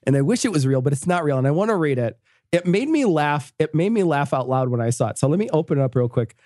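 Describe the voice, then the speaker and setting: A giggly male podcast co-host talking in casual comedic chat, his voice lively and swinging through a wide range. He rambles and restarts his sentences often. The sound is close and dry in the studio. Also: fairly high pitch, quick pace, no echo.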